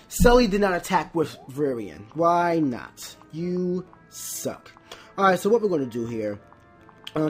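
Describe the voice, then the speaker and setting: A Let's Play host giving casual gameplay commentary, often stumbling, restarting words and filling pauses with "um". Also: mid-range voice.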